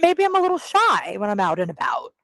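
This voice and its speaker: A woman's voice: mid-range voice, big pitch swings, a little fast, fairly bright tone, no echo, low-quality recording. A woman calling in live from a rainy city street, self-conscious and hesitant, laughing nervously. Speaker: contestant on a live show. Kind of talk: live phone call from the street.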